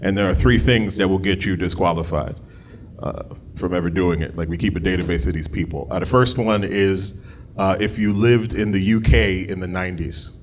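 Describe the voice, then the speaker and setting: A man doing a stand-up comedy set on a club stage, jumping from low muttered asides to loud, high shouted bits. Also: fairly even intonation, normal speed, a little hiss or hum. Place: comedy club stage before a live audience. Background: audience laughter.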